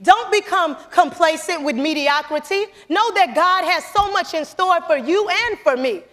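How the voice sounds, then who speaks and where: High-voiced young woman preaching in a hall. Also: normal speed. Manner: animated, calls to the audience, storytelling. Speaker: motivational speaker. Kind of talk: church motivational speech. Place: church sanctuary. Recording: long church hall reverb.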